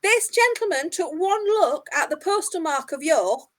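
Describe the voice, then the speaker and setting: A woman's voice: very high-pitched, lively intonation, unhurried, a bit bright. A woman tour guide telling a history story in a jokey, self-mocking casual chat, a little tipsy. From England.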